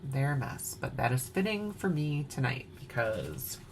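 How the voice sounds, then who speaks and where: A woman's voice: very deep voice, wildly swooping pitch, unhurried, slight background noise. A woman with an Upper Midwest accent from Wisconsin, chatting playfully as she shows off her cross-stitch projects at home. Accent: Upper Midwest American. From Wisconsin, USA. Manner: chatty, playful, sings snatches of songs. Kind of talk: casual show-and-tell chat. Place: home at night.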